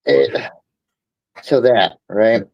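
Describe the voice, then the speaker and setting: A man's voice: on the low side, expressive, very slow, muffled recording. Laid-back, frank man chatting. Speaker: stream host. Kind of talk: casual chat.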